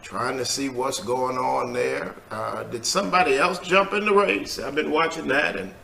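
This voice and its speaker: A man's voice: mid-range voice, fairly even intonation, moderate pace, gravelly, sharp tone, reverberant, a little hiss or hum. A man who is a pastor co-hosting a talk show, teasing his partner playfully and answering with amens. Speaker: pastor, co-host. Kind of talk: casual talk show chat. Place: studio set.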